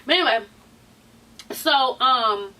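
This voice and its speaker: A woman with a high, bright voice dishes on a reality show in a sassy, tired gossip style, swearing freely and sprinkling in honey and child. She sounds a little distant from the microphone. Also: expressive, takes it slowly. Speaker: vlogger recapping a reality show. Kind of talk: casual gossip recap. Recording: voice somewhat far from the mic.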